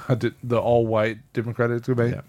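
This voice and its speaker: A man co-hosting a casual chat with sarcastic, deadpan jokes. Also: mid-range voice, normal speed. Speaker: podcast co-host.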